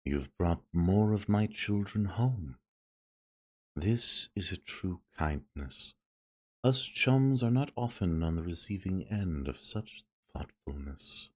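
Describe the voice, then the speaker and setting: A gracious female creature queen from a game, read aloud by a man, speaking in a low, formal voice. Her thanks come slowly and softly. The rise and fall of the voice stays lively. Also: exaggerated voice. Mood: grateful. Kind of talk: reading game dialogue aloud.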